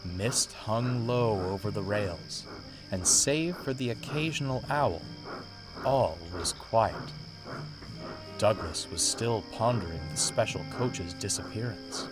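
A man narrating a read-aloud story in a measured, expressive way. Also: on the low side. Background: music.

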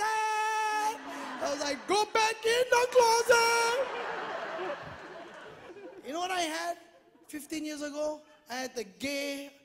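A middle-aged man with a Hawaiian Pidgin accent performs stand-up in a large theater, talking with a strikingly high voice. He shouts his punchlines and acts out other people's voices with lots of energy. The recording carries long hall reverb, loud audience laughter and constant background noise. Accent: Hawaiian Pidgin-tinged English. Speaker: stand-up comedian. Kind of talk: stand-up comedy routine. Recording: live theater with echo, crowd laughter and noise.

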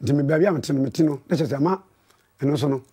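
Ghanaian male musician guest, husky, mellow, laid-back. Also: fairly high pitch, very fast. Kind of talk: casual interview chat.

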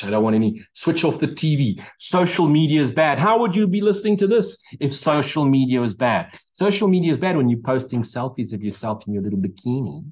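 A male spiritual teacher giving a talk at an ordinary middle pitch. He speaks emphatically, repeating phrases over and over and dropping in mocking asides. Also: darkish tone, rough recording.

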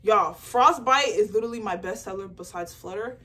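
A young woman chatting casually to her phone camera while packing orders, telling a story in an animated way with lots of "like". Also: medium pitch, normal speed, distant mic, slight background noise. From Nigerian heritage. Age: young adult. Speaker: small business owner vlogger.

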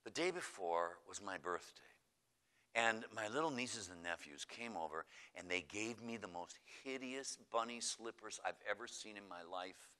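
A man voicing a breezy, cheerful cloistered nun with a bright, chirpy manner. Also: lowish voice, animated, moderate pace. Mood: storytelling. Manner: bright, chirpy, then flustered.

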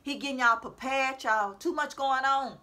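High bright-voiced woman preaching to viewers. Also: moderate pace. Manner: preachy, repetitive, calls out to her audience. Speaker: self-styled prophetic speaker. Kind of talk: informal religious exhortation to viewers. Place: at home.

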